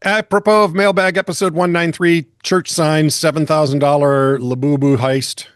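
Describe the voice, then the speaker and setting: A man's voice: fairly high pitch, steady tone, moderate pace, dry recording. A man hosting a podcast, chatting casually with dry, wry asides and reading listener comments. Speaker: podcast host. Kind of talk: casual comedic banter.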